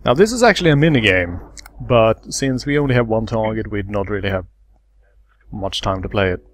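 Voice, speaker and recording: A man hosting a let's play, calmly explaining game mechanics step by step in casual commentary. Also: lowish voice, a little fast.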